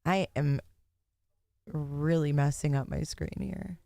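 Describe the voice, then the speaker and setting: A woman's voice: low voice, takes it slowly, creaky, warm tone, no room sound. Chatty woman hosting a livestream. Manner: chatty, joking, talks to chat. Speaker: livestream host. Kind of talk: casual livestream commentary.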